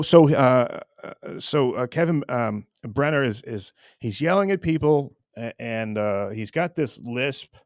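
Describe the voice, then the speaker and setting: With a lowish voice, a man holds forth on his online show, teasing and rambling to camera, often repeating himself and starting over. The recording is dry and studio-clean.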